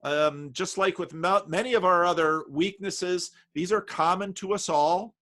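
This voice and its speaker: A man from New Jersey hosting a casual conversation over a video call, talking in halting bursts with many restarts and fillers. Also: high voice, a bit bright. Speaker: host.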